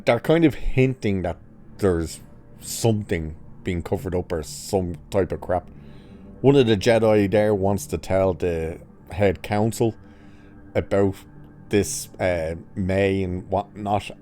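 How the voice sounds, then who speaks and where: Sarcastic man ranting in a mellow low voice. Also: takes it slowly, soft background music. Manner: sarcastic, mocking, swears casually. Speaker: TV review vlogger. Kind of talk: ranting episode review.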